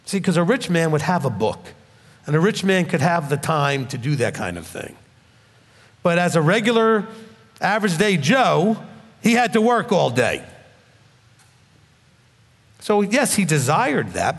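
A blunt preacher in his fifties delivering a sermon with emphatic, scolding force. His voice sits high for a man and swings widely in pitch. It rings with a long reverb, like a big hall. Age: 50s.

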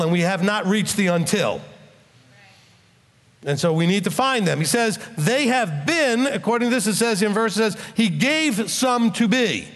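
Lively preaching man with hall reverb. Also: sits high. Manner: animated, blunt preaching with acted quotes. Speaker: pastor. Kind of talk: sermon and closing prayer.

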